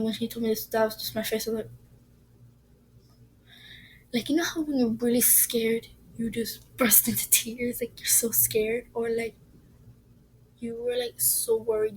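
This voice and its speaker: A woman's voice: a little high, slight background noise, low-quality recording. A woman telling a ghost story in a casual, rambling way, often dropping to a whisper.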